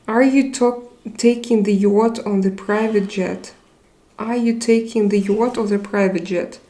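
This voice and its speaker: Young woman, live-stream host, unhurried delivery, reads out chat comments and replies. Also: medium pitch, steady tone, warm tone. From Russia. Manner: reads viewer comments aloud and answers them.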